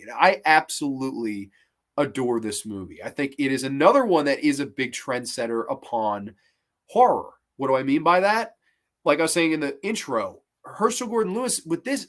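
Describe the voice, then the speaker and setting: A man giving a casual review of old horror films, excitable and swearing freely. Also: on the high side.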